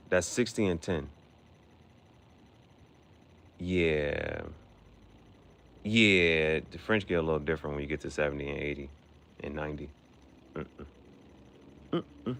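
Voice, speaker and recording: A man's voice: low-pitched, lively intonation, normal speed, long pauses. A man hosting his own show, talking in a casual, rambling monologue that repeats itself and drops in foreign words. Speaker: podcast host.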